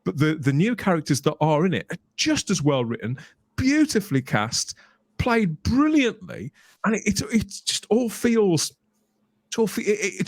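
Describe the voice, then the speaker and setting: A man's voice: fairly high pitch, dry recording. Enthusiastic man on a podcast, dry sound. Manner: enthusiastic, emphatic, repeats words when excited. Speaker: guest podcaster. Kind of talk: casual podcast discussion.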